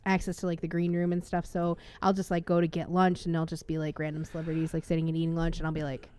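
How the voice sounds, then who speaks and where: A woman guest on a podcast, chatting casually and telling excited, laughing stories. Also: lowish voice, quick pace, clean tone. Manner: bubbly, laughing storyteller. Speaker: guest cosplayer.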